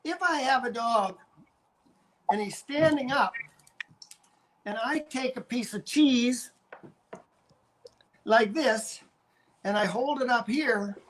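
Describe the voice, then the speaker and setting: A man's voice: very high-pitched, takes it slowly, pauses often, fairly bright tone, a little hiss or hum. An older man from Canada, a dog trainer, coaching viewers on a live stream and going over his points again and again with demonstrations.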